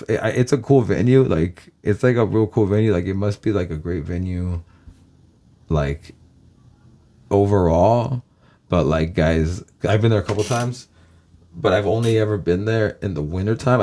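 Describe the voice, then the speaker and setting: A man's voice: low voice, warm tone. A man from Los Angeles with a Californian American accent, rambling to his viewers in a casual, profane monologue full of "guys". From Los Angeles, USA. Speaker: vlogger.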